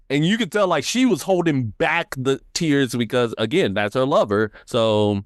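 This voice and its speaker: A podcast co-host dramatically retelling an emotional scene in casual chat. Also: male voice, moderate pace, hardly any pauses, dry recording, clean studio sound. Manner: expressive, dramatic retelling with big pitch swings.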